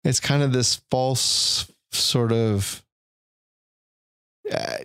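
A man's voice: mid-range voice, drawn-out words, fairly bright tone, clear, resonant tone, no room sound, clean studio sound. A middle-aged man as a podcast guest, talking in a reflective, thorough and self-deprecating way. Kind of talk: casual conversational interview.

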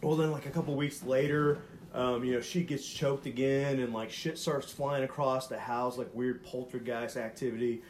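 A podcast co-host with a mid-range voice tells a story at normal speed over slight background noise. He rambles casually and animatedly, leaning heavily on "like" and swearing and doing voices for the people he quotes.

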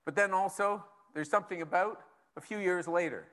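Pastor with a lightly raised voice. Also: male voice, high voice, a little fast, pushed and bright. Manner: casual and conversational, reading scripture aloud between asides. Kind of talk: sermon.

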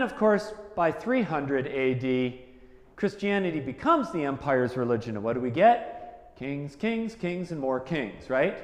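High-voiced pastor in an echoey hall. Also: male voice. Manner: conversational, animated, acts out quoted voices. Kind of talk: sermon.

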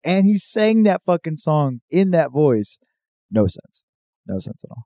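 A young man chatting casually on a comedy podcast, laughing often, swearing freely and slipping into quick silly voices. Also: on the high side, sing-song, warm tone, no room sound.

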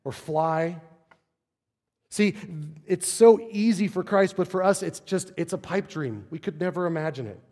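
Pastor, male, casual preaching tone full of rhetorical questions, raised and hushed by turns, echoing sanctuary. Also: high voice, normal speed, few pauses. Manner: conversational preaching, rhetorical questions, swings from loud to soft. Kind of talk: sermon. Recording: long hall reverb.

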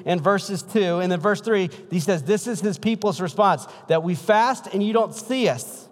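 A man's voice: high-pitched, normal speed, hardly any pauses. A man in his thirties preaching a sermon as pastor, in a casual, conversational way. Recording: long hall reverb.

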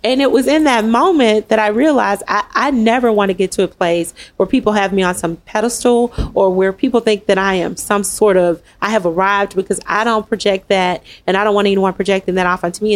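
Earnest woman hosting a panel. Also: mid-range voice. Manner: earnest and animated, with quick asides and laughs. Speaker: host and summit founder. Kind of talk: candid panel conversation.

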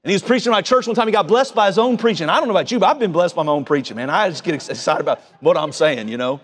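A man delivers a sermon at a rapid clip, his voice pitched high. He talks in a folksy, excitable way, stumbling over and repeating his words. The sound carries a long hall reverb. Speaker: preacher.

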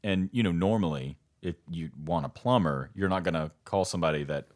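Young male podcast co-host with a very low voice, rambling and laughing as he spins anecdotes. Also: brisk, a little mellow. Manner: rambling storyteller, laughs often, trails off mid-sentence. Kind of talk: casual podcast chat.

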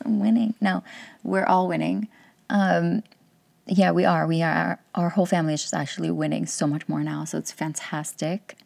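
A woman in her thirties talks through parenting advice in a candid, chatty podcast monologue. Her voice sits on the low side with a gravelly edge, and she laughs often. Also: darkish tone. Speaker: podcast host and life coach.

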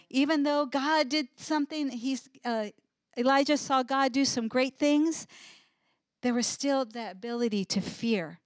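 A woman preaching a conversational sermon, retelling scripture in an animated way and chuckling as she goes. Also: high-pitched, no echo, studio quality.

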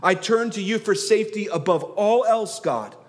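A man's voice: high voice, expressive. Preaching man in a reverberant hall. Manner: swells and drops in loudness for emphasis, slows on key words. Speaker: pastor. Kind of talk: sermon.

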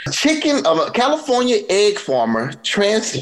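Lively, laughing male comedy podcast host. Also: high-pitched, a little slow, a crowd in the background, low-quality recording. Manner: laughs often while reading aloud. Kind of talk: casual comedic chat.

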